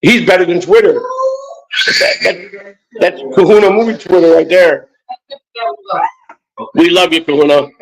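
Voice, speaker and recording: A man's voice: high-pitched, measured pace, long pauses, soft background music, low-quality recording. An older man and grandfather co-hosting a casual morning chat show, rambling and joking with many restarts. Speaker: co-host.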